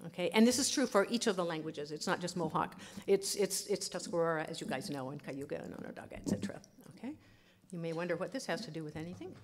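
A woman linguist giving a lively conference lecture, chatty, laughing often and saying "okay" a lot. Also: fairly low pitch, fast talker, slight background noise.

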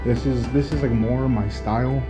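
A man's voice: medium pitch, steady tone, moderate pace, over music. A man casually touring a hotel suite for a vlog, chatty and full of fillers, talking to his viewers as he walks the rooms and terrace. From United States. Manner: chatty, filler-heavy, enthusiastic. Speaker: travel vlogger.

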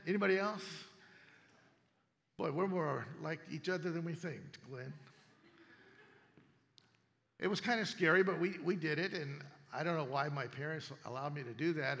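A man's voice: on the high side, a bit bright. A man preaching a sermon, telling stories and acting out other people's lines. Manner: storytelling, acts out neighbors' lines. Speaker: pastor. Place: church sanctuary. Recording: long reverb of a church hall.

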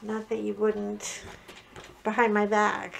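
A woman's voice: medium pitch, monotone, slow, vocal fry, slight background noise. A middle-aged woman chatting casually as she unboxes a craft kit at home, joking and wandering off-topic with frequent restarts. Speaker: craft vlogger.

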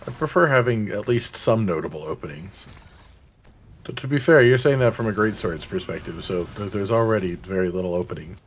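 Male gaming co-commentator, dry joking delivery, lively pitch. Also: fairly quick, a little hiss or hum. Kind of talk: casual gameplay commentary.

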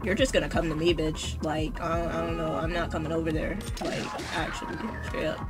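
A woman's voice: deep voice, flat delivery, brisk. A woman streaming a video game, chatting casually and swinging between mock panic, swearing and sarcastic cheer. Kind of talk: casual gameplay commentary. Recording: game music behind the voice.

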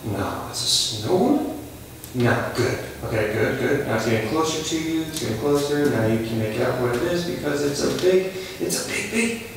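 A man playing a pushy, overexcited male casting director in a comedy sketch who fires off rapid directions and gets loud when he is excited. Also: fairly high pitch, natural voice. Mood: brisk. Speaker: casting session runner. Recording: echoey room, far from the mic, noisy.

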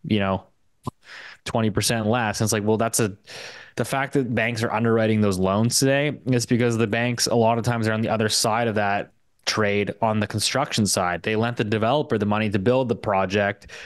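A young man from Canada with a Canadian English accent, a guest talking casually in an interview, quick and full of fillers and restarts. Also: fairly low pitch, fairly even intonation, no echo. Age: young adult. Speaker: guest market commentator.

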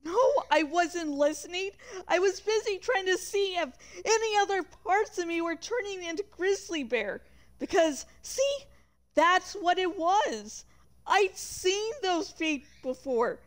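Slow-reading high-voiced woman. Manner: expressive, with chatty asides. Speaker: reader of a book. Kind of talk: reading a novel aloud on a livestream.

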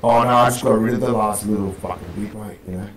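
A man's voice: on the low side, steady tone, fast talker, reverberant, a crowd in the background, rough recording. A man playing a gang leader in a roleplay, rambling, swearing constantly and calling everyone mate. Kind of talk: in-character roleplay chat.

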